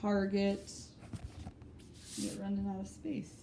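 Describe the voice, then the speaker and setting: A woman's voice: mid-range voice, flat delivery, slow, gravelly, background noise. Patient woman teacher sounding out words. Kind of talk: recorded spelling lesson for students.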